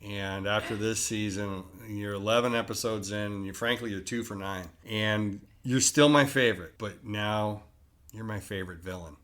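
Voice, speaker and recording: A man's voice: on the low side, steady tone, normal speed, a bit bright. A man co-hosting a casual recap, wry and opinionated. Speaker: podcast co-host.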